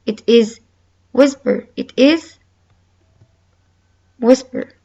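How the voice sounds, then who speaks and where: A woman teaching a recorded lesson with a slow, deliberate delivery, repeating key words and reading example sentences aloud. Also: a little high, gravelly, warm tone, husky, muffled recording. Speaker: English teacher. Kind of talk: recorded online English lesson.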